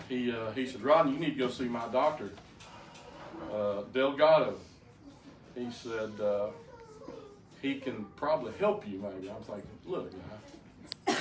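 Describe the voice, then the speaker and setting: A man's voice: medium pitch, unhurried, long pauses. An older man giving a folksy personal testimony to a group, plainspoken and often stammering into restarts. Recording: roomy, distant mic, faint background noise.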